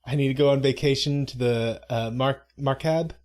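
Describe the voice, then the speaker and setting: A man's voice: medium pitch, moderate pace, darkish tone. A man co-hosting a live stream, rambling casually with self-interruptions and mock-dramatic asides. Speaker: stream co-host. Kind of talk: casual live commentary chat.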